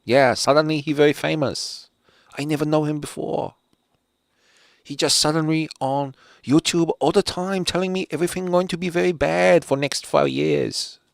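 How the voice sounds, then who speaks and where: A man doing a self-important older professor who talks in clipped broken English, pitched well above his own voice. The recording is dry and close. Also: steady tone, moderate pace, gravelly, dry recording. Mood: mock-grave.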